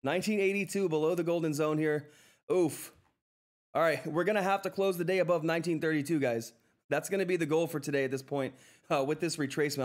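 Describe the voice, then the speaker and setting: A man hosting a live stock trading stream, talking through price charts in an excitable, effusive way that repeats itself. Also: fairly high pitch. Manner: excitable, effusive, repeats himself, says "all right?" often. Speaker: livestream stock trading host. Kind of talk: live market commentary and chat.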